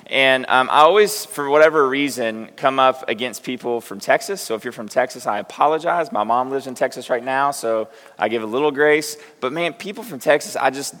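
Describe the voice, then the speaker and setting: A middle-aged pastor speaks briskly and with hardly any pauses, his medium-pitched voice fairly bright. His sermon is conversational, mixing self-deprecating anecdotes with direct questions to the congregation. The long reverb of the church sanctuary hangs around every word.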